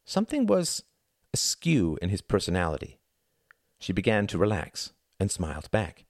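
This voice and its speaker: A man narrating an audiobook in a measured, intimate reading. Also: sits low, wildly swooping pitch, no echo, clean studio sound.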